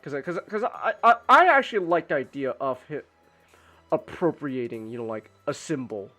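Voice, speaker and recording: A man's voice: fairly high pitch, animated, normal speed, sharp tone, soft background music. A man streaming casually while drawing, rambling with lots of restarts and swearing.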